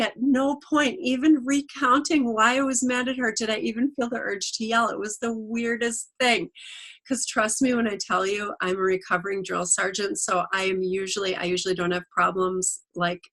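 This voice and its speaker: A middle-aged woman giving a casual testimonial on a video call, telling stories and acting out what people said. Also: mid-range voice. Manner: animated storyteller, acts out quotes. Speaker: product distributor.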